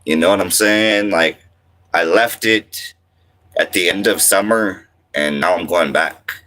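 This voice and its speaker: A man's voice: low-pitched, unhurried, pushed and bright. A man in his thirties from French Canada, chatting casually on a livestream, rambling and reading viewer comments aloud. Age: 30s. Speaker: livestream host.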